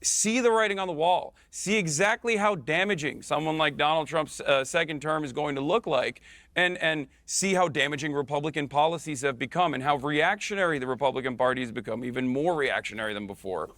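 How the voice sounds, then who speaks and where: A man's voice: a little high, fairly bright tone, no echo. Insistent man arguing on a panel. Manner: fast, insistent, stumbling over repeated words. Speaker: debate guest.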